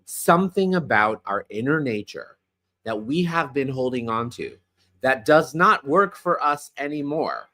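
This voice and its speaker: A man hosting a spiritual astrology talk, repeating phrases like a mantra and slowing to a soft pace when he guides the breathing. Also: medium pitch, very animated. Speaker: astrology host.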